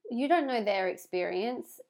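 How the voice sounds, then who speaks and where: A woman's voice: fairly high pitch, animated, measured pace, a little mellow. A woman hosting a podcast, talking casually and earnestly to her listeners, heartfelt and swearing for emphasis. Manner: heartfelt, talks with hand on heart. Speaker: podcast host. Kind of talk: casual motivational monologue.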